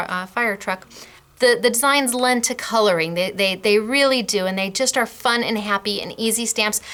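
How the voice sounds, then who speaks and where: A middle-aged woman hosting a craft class, chatting warmly and gushing over samples, laughing often. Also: fairly high pitch. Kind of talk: casual product demo.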